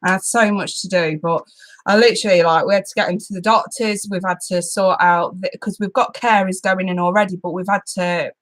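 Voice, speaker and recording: A young woman chats loosely with her live-stream viewers, laughing often and swearing casually. Her voice sits at an ordinary, middle pitch. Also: steady tone, a little fast. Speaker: tarot channel host.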